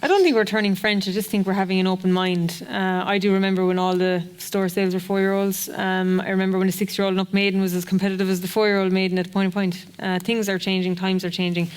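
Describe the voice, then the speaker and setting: A woman speaks on a seminar panel in a smooth, clear voice that stays fairly flat in pitch. She is frank and puts questions back to the room. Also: quick pace, hardly any pauses.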